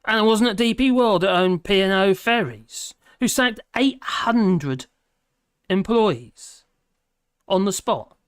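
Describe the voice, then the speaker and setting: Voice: mid-range voice, expressive, slow pace, clear, resonant tone, no echo, clean studio sound. A host with a British accent chatting casually on a live stream, reading out viewer comments and humming between them. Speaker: livestream host.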